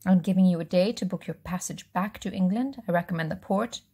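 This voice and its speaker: A woman's voice: lowish voice, a little fast, mellow, breathy edge. A woman reading aloud voices a smug, menacing male police commissioner with a put-on French accent. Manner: smug, threatening, clipped.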